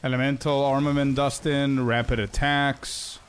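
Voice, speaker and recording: A man giving casual, relaxed commentary while playing an online game with teammates, thinking aloud as he goes. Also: mid-range voice, unhurried, slight background noise. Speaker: game streamer.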